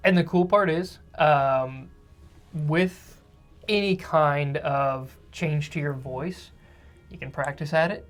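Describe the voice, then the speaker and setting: A man co-hosting a podcast in casual chat, who calls himself a fast talker. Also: on the high side, soft background music. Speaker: podcast co-host.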